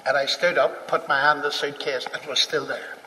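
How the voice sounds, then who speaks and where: A man telling a personal story to an audience, acting out the dialogue with animated delivery. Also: on the high side, fairly quick, a little hiss or hum. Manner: animated, acts out dialogue, chuckles. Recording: long hall reverb.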